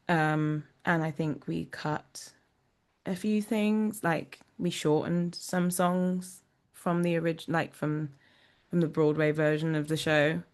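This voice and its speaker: Brief: young adult woman, low pitch, chatty interview guest, laughs easily, "um" and "like" throughout. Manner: chatty, laughs often, many fillers. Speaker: musical theatre actor, guest. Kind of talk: casual interview chat.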